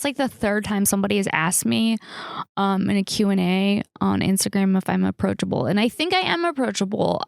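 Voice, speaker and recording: Young Californian woman, podcast host, rambling storyteller, vocal fry. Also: medium pitch, dry recording, studio quality. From Los Angeles area, United States. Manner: chatty storytelling with many fillers and restarts. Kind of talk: casual solo Q&A podcast.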